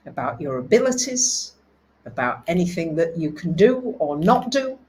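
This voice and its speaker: A woman hosting a live astrology talk, speaking, reading out viewers' comments and dropping soft and low for calm affirmations. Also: moderate pace, a little hiss or hum, poor audio. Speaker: astrology host.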